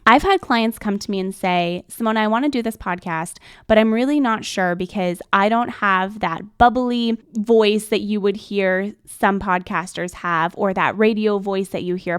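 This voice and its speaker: Woman host, middle-aged, mid-pitched, articulate coaching style, dead-dry booth sound. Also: clear, resonant tone, no room sound. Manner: expressive, enunciating, coaching tone. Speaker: podcast host and production coach. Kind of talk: instructional podcast talk.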